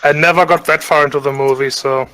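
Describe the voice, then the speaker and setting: A man's voice: on the high side, steady tone, fast talker, bright, forceful tone, smooth, rough recording. A man running a tabletop role-playing game as game master, easygoing and stumbling over his words now and then.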